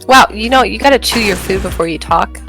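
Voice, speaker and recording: A woman with a Southern lilt, telling family stories in a motherly, matter-of-fact way. Her pitch sits in the middle, with faint music behind her. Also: a little fast, a bit bright. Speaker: mother, stream guest. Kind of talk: casual stream chat.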